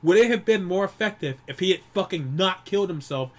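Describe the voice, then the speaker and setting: A man grieving while talking alone to the camera, rambling and swearing often, with many restarts and pauses. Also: high-pitched, expressive, fairly bright tone. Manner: profane, rambling, frequent restarts. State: grieving, holding back tears. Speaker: YouTuber. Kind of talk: personal vlog monologue.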